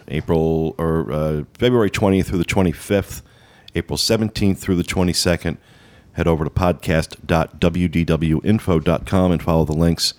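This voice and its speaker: A man hosting a casual podcast, talking through news and trip plans with a loose, rambling delivery full of fillers. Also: low voice. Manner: rambling, many uh fillers, upbeat promo talk. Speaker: podcast host.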